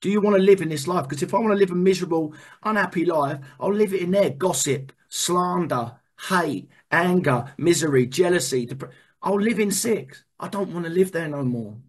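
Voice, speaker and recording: A man tells a personal story in a candid, lively way, with a voice a little higher than most men's. He repeats words as he goes and swears now and then. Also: moderate pace. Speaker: speaker sharing a recovery story.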